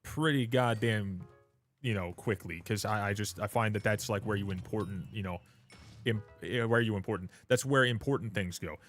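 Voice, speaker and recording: A man's voice: lowish voice, moderate pace, soft background music. A man of twenty-seven, hosting a livestream, chatting casually in a joking, rambling, self-mocking way. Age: 20s. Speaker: livestream host.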